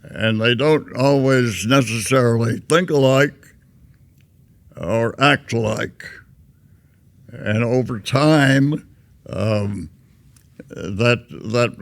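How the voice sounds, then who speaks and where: A man over a hundred years old gives interview answers slowly and with care. His voice sits at an average pitch and sounds dry and close, with little room around it. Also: dry recording. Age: over 100. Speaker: guest, war veteran.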